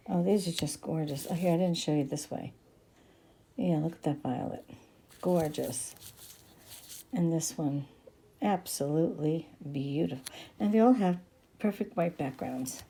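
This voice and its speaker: A woman hosting a casual craft tutorial, gushing over her finished pieces with soft exclamations. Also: low-pitched, measured pace, pauses often, husky.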